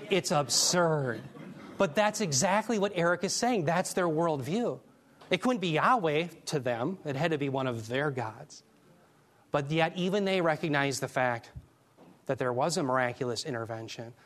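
A man teaching a Bible class, preaching in an emphatic, animated way and taking questions from the class. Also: on the high side, normal speed. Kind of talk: sermon.

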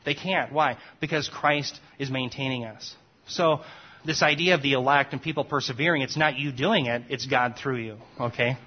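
A man teaching a Bible study class in an explanatory manner, often pausing to check in with his listeners. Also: medium pitch, breathy edge. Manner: checks in often with "okay?" and "right?". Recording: dull lo-fi recording.

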